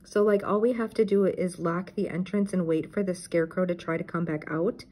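Older lady reading shaggy, easygoing young guy, bit higher, mellow. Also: steady tone, a little fast, lightly acted. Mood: puzzled.

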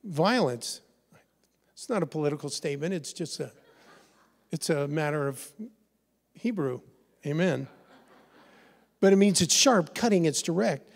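A middle-aged male pastor preaching with lively energy, calling on the congregation to answer him. His voice sits a little high for a man. It rings out through a church hall with a long reverb tail. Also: measured pace, gravelly, pauses often. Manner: animated, leads call-and-response with the congregation. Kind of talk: sermon. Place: church sanctuary.

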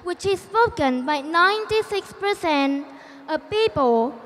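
Young woman, Vietnamese accent, very high voice, slow deliberate speech, contest talk, long hall reverb. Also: lively intonation, fairly bright tone, slight background noise. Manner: measured, deliberate storytelling with audience questions. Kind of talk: prepared public speech with storytelling.

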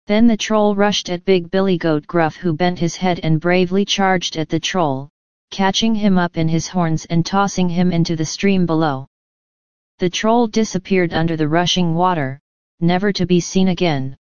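A woman telling a children's story in a careful, clear reading for learners. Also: fairly low pitch, moderate pace, a little mellow, dry recording, dull audio. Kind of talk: scripted storybook narration.

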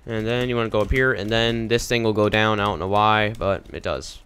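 A man's voice: on the low side, steady tone, brisk, a bit bright, smooth. A young man casually talking through a game walkthrough in a rambling, offhand way. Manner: rambling, casual, easily confused. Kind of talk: casual gameplay commentary.

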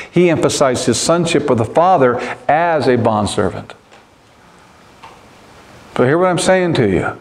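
A pastor delivers a sermon in a church in a voice a little higher than most men's. He speaks with earnest, insistent emphasis and drives his key phrases home through repetition. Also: darkish tone.

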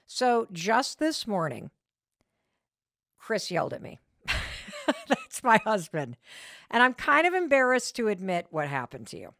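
Woman podcast host, motivational talk, candid storyteller, very expressive pitch. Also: measured pace, long pauses, no echo, studio quality. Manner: animated storytelling with frank candor.

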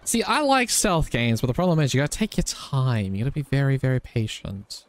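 Excitable streamer with a lively voice. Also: male voice, medium pitch, fairly quick. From Australia. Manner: excitable, swears freely, teasing banter with chat. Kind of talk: live gameplay commentary.

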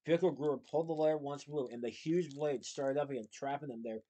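A man reading a children's novel aloud with steady, expressive narration. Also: medium pitch, low-quality recording. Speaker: storybook reader.

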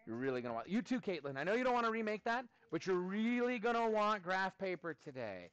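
A man teaches a math class, joking and coaxing his students along. His voice sits high and swings widely in pitch. The sound is close and dry, with little room echo. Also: very animated, fast, a bit bright, clean tone, muffled recording. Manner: playful, jokey, coaxing students.

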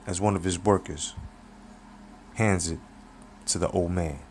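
A man's voice: low voice, fairly even intonation, unhurried, a little mellow, slight background noise. A man narrating a story in a loose, profane, casual storytelling manner.

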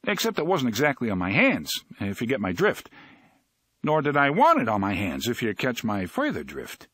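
A man's voice: mid-range voice, wildly swooping pitch, moderate pace, a bit bright, husky, no room sound, heavily acted. A male narrator voicing a cocky young man who talks in a glib, joking, falsely innocent way in an audiobook. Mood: smug joking. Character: cocky young man, smug wisecracking joker.

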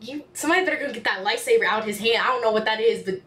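A young woman hosting a music reaction channel, gushing excitedly and talking back to the performers on screen. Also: on the high side, very fast. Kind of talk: casual reaction commentary. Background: faint music playing.

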